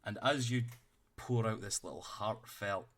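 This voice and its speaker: A man's voice: lowish voice, a little slow, fairly bright tone. A man running a tabletop game as game master, narrating loosely with lots of fillers and casual swearing.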